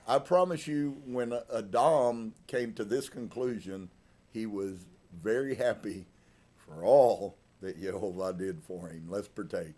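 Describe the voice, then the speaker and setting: A man's voice: lowish voice, a little slow. A man leading a live-streamed Sabbath service, preaching in a conversational way with many restarts and sudden shifts in emphasis. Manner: conversational, with frequent restarts and emphatic swings in loudness. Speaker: congregation leader. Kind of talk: casual live-streamed sermon.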